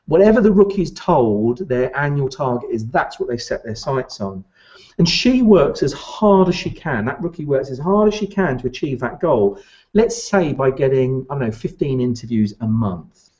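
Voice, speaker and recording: Male recruitment coach, motivational training talk, punchy and repetitive, very animated delivery, muffled lo-fi sound. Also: mid-range voice, normal speed. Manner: emphatic, repeats key points.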